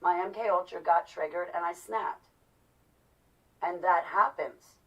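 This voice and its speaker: A middle-aged woman giving an agitated personal monologue, swinging between loud outbursts and low, quiet stretches. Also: unhurried, recorded from a distance, dull audio. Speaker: vlogger.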